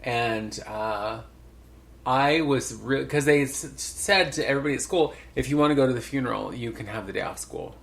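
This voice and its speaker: A man in his sixties hosting a casual podcast chat, telling stories with animated asides. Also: mid-range voice, normal speed, creaky. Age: 60s. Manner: chatty, storytelling, animated asides. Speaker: podcast host.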